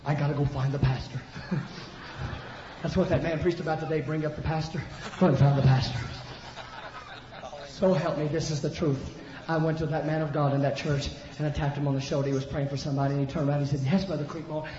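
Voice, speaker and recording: A man preaching a Pentecostal revival sermon, swinging from hushed storytelling to shouted preaching. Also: on the high side, fairly even intonation, brisk, background noise. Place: large church sanctuary. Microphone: pulpit microphone. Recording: echoey, dull church recording.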